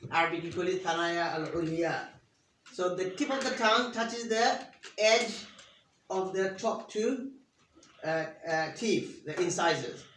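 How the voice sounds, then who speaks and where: A patient teacher leads an interactive lesson, asking pupils questions and modelling each sound for them to repeat. Her middle-pitched, somewhat bright voice moves a little slowly and is picked up from afar in a spacious classroom, over a faint hiss.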